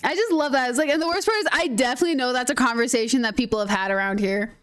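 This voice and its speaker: A young woman from northern Minnesota talks in a high, bright voice with a soft Minnesotan lilt. She chats freely while streaming a game, bubbly and giggly, hopping from thought to thought. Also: very fast, clear, resonant tone. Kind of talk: casual gaming stream chat.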